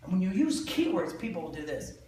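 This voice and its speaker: Sales trainer, male, high voice, playful crowd-quizzing delivery, echoey hall mic from far off. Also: a little fast, slight background noise. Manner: quizzes the audience with fill-in-the-blank questions; lively and joking. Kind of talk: live seminar talk to an audience. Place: large indoor room with an audience.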